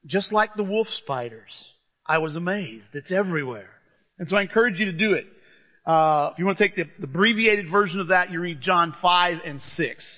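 This is a muffled church-hall recording with long reverb of a middle-aged preacher. His high voice is animated and brisk as he tells stories from the pulpit with conversational enthusiasm.

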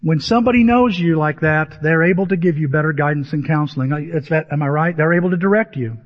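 A man's voice: fairly high pitch, fast talker. A man from Southern Illinois preaching a conversational storytelling sermon, asking his listeners questions. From Southern Illinois, USA. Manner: conversational, asks the audience questions. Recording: dull recording in a reverberant hall.

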